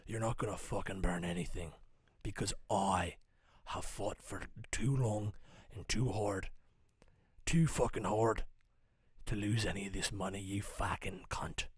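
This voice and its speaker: A man's voice: fairly even intonation, a little slow, breathy edge, dry recording, clean studio sound. A man voicing a snarling, foul-mouthed male villain doctor in a put-on Irish accent. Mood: menacing. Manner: low menacing growl, heavy swearing.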